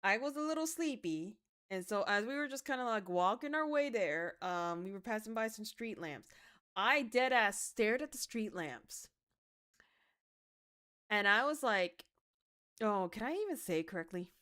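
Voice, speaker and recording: A young woman streaming a game, chatting casually, swinging from mumbles to excited outbursts, swearing and laughing as she tells stories. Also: medium pitch, moderate pace, clear, resonant tone. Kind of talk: casual livestream chat while gaming.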